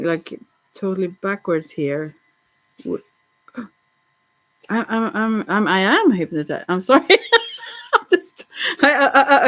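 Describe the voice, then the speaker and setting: A woman rambling in a casual monologue, musing dreamily, giggling and stammering with frequent restarts. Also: medium pitch.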